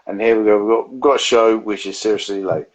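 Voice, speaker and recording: A man's voice: on the low side, fairly even intonation, quick pace, poor audio. A man, co-hosting a live beer review stream, rambling and swearing freely in casual chat.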